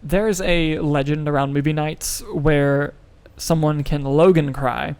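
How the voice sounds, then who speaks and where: A young man co-hosting a podcast, chatting casually and excitably, swearing often and swinging between big emotional highs and quiet moments. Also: slow pace, clear, resonant tone. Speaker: podcast co-host. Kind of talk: casual chat.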